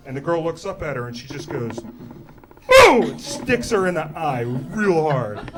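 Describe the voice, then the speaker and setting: A man's voice: fairly high pitch, noisy background. A man hosting a comedy night and telling a story on stage, acting out the people in it. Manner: animated, acts out quotes. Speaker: host. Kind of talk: stand-up storytelling. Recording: live club, loud crowd.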